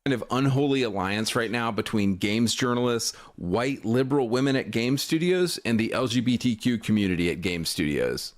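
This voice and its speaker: A man's voice: medium pitch, normal speed, few pauses. A man in a played commentary clip, speaking in a pointed, emphatic way. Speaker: online commentator.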